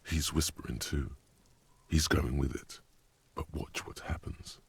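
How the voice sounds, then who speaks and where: A man voicing the solemn inner voice of a detective game, speaking slowly and advising the player in the second person. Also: extremely low pitch, a little mellow, husky, full character voice. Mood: grave. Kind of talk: game narration.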